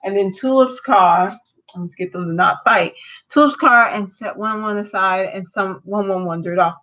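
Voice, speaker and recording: A woman's voice: on the high side, normal speed, dull audio. A woman casually recapping a cartoon episode and sharing theories, retelling scenes and voicing the characters' lines as she goes. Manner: animated retelling, acts out dialogue in quotes. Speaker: episode reviewer.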